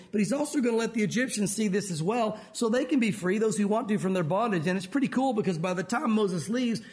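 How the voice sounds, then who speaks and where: A man with a high-pitched voice preaching a sermon. He talks in an easy, conversational way, drops in jokes, and slows down with pauses to stress a point. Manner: conversational, joking, with emphatic pauses. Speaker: pastor.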